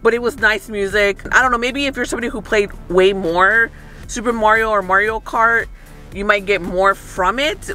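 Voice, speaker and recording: A man's voice: high voice, sharp tone. A man casually reviewing a film from inside his parked car, rambling with many fillers. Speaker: movie review vlogger. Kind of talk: casual chat.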